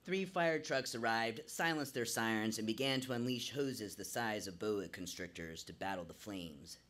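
A man tells a true story live on a small stage, his voice bright and forceful. He narrates vividly with a theatrical flair, leaning into each scene. It comes through a stage microphone. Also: lowish voice, moderate pace.

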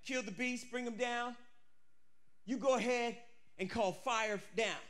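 A man's voice: extremely high pitch, a little slow, fairly bright tone. A man voicing a cocky male prophet who taunts his rivals with a swaggering, mocking manner. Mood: cocky taunting.

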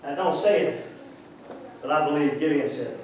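A male pastor preaching a fervent sermon, calling out to the congregation and rising to shouts. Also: a little high, moderate pace, a little hiss or hum. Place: church sanctuary. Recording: echoey church hall, far from mic.

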